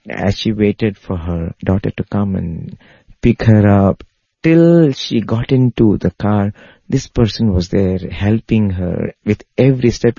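A man with a dark, low voice and a husky, gravelly grain tells a devotional story in earnest. The recording is dull, lo-fi and dry, with no room sound. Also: dry recording. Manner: earnest, rises in pitch when quoting others.

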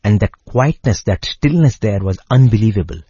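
A man narrating a devotional story in a measured way, pausing phrase by phrase. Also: fairly low pitch, lively intonation, mellow, breathy edge, no room sound, highs cut off.

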